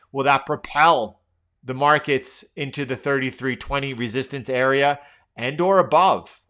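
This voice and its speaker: A man's voice: medium pitch, bright, forceful tone. A middle-aged man hosting a live trading stream, thinking aloud through chart commentary with lots of fillers and restarts.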